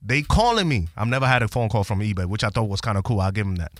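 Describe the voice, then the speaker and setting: A man hosting a podcast, animated and profane as he retells a story in casual slang. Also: lowish voice, fast talker, no room sound, clean studio sound.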